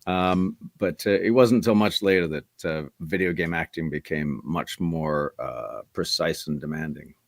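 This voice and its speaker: Deep-voiced man telling rambling stories. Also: measured pace, vocal fry, hardly any pauses, no echo, studio quality. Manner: rambling, many restarts and asides. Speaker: voice actor guest. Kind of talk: casual interview storytelling.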